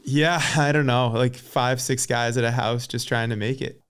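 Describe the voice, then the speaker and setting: A middle-aged man as a podcast guest, telling stories in a relaxed, casual way with lots of fillers. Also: medium pitch, moderate pace, smooth. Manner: relaxed storyteller, many fillers like and uh. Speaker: podcast guest, former pro cyclist. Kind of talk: casual chat.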